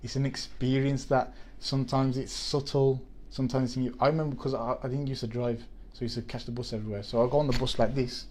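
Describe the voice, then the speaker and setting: A man's voice: mid-range voice, little pitch movement, quick pace, few pauses, darkish tone. A man, chatting on a podcast and telling a story with many restarts. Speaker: podcast co-host. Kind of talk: casual chat.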